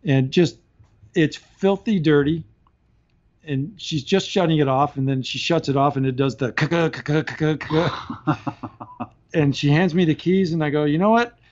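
Slightly high-voiced male guest, laughs through his anecdotes, lightly dulled podcast sound. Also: normal speed, a little mellow, highs cut off. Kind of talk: casual storytelling.

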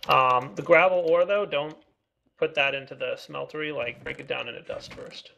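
A man's voice: on the high side, moderate pace, vocal fry, bright, forceful tone. A man co-hosting a casual game video, upbeat and teasing. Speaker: co-host of a game video series. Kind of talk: casual gameplay chat.

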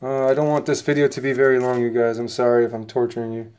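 A man hosting his own casual unboxing vlog, talking excitably and rambling straight to his viewers while sniffly from a coming cold. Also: mid-range voice, quick pace, clear, resonant tone. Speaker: channel host opening trading cards.

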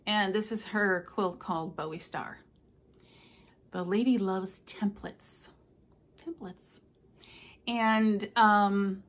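An older woman, a stitching vlogger, chatting casually and telling rambling stories with soft asides. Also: medium pitch. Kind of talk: casual chat.

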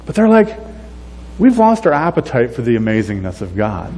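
A man's voice: medium pitch, normal speed, long reverb tail. A man giving a conversational sermon as a pastor, acting out the voices of the people in his story. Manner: conversational, animated, acts out voices of complainers.

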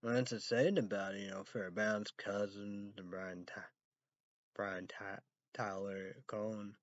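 A man rambling profanely on a stream, swinging from low mumbles to loud outbursts. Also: little pitch movement, a little slow, no room sound, muffled recording. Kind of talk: rambling live stream talk.

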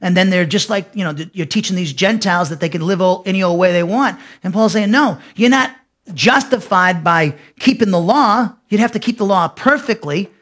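A man with a notably high-pitched voice teaches scripture verse by verse. He speaks emphatically, doubling back on his words and restarting sentences as he drives each point home. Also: fairly quick, hardly any pauses, a bit bright. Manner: emphatic, repeats himself, restarts phrases. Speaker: pastor. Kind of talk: expository Bible teaching.

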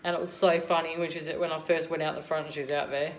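A woman's voice: low-pitched, level tone, quick pace. A woman with an Australian accent chatting casually to camera as a vlogger at home, rambling with lots of ums.

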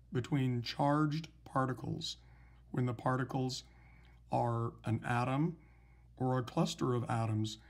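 A man teaching a recorded chemistry lesson, explaining patiently and slowly with some fillers. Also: mid-range voice, gravelly, darkish tone. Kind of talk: recorded lecture, writing examples.

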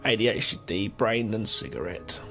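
A man's voice: fairly low pitch, moderate pace, creaky, fairly bright tone, faint music behind. A man co-hosting a casual film podcast, making rambling, jokey asides with hesitations. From United Kingdom. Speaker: podcast co-host. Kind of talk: casual film-review chat.

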